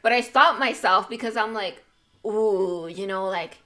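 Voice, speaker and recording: Woman host, medium pitch, rambling casual chat, code-switches into Spanish, laughs a lot. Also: normal speed, pushed and bright. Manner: rambling, mixes Spanish phrases into English; laughs often. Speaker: podcast host.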